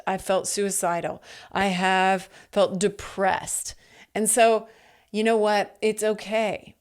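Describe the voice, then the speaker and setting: A middle-aged woman talks on her own motivational podcast in an earnest, conversational way. She restarts her sentences and keeps checking in with "right?". Her voice sits at an ordinary middle pitch for a woman, picked up by a headset mic. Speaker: podcast host. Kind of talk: solo motivational podcast talk. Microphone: headphones with a mic.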